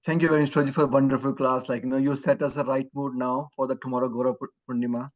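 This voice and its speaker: A man hosting an online class, speaking quickly and courteously. His voice sits at a middle pitch. The call audio is dull and lo-fi. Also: little pitch movement. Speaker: class host. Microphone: online video call.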